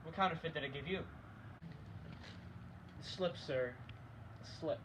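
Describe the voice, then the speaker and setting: A young man, a student actor, reciting Shakespearean street-quarrel scenes in a quick exchange. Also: on the high side, lightly acted. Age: young adult. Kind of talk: amateur Shakespeare scene acting. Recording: dull lo-fi recording with loud noise.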